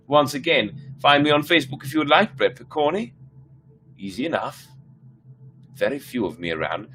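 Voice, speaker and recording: Male storyteller host, relaxed read-aloud, chatty with fillers between chapters. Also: mid-range voice. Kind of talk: reading a children's book aloud on a livestream.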